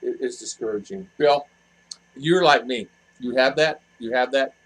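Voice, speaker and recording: A man's voice: medium pitch, normal speed, breathy edge, poor audio. A man hosting a casual live chat with viewers, rambling with lots of fillers and restarts. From expat living in the Philippines. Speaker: vlog host answering viewer chat.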